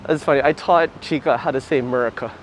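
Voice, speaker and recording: A man's voice: medium pitch, fast talker, slight background noise, rough recording. A man hosting a casual livestream outdoors on city streets, chatting in a rambling way with lots of fillers. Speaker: livestream host.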